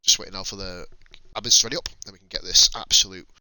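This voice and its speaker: A man's voice: low-pitched, fairly even intonation, fast, pushed and bright, no room sound, low-quality recording. A man in his thirties from North England with a Northern English accent, commentating a sim race on a live stream in a casual, chatty way, swearing and laughing often. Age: 30s.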